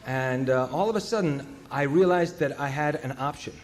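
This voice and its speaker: A man sharing his recovery story in a humorous, animated way, jumping between loud outbursts and hushed asides. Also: on the high side, moderate pace.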